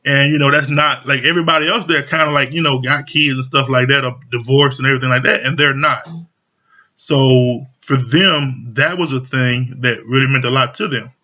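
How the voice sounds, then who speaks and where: A man's voice: medium pitch, steady tone, moderate pace, sharp tone. A man casually recapping a reality show, talking loosely with lots of slang and fillers. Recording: dull lo-fi audio.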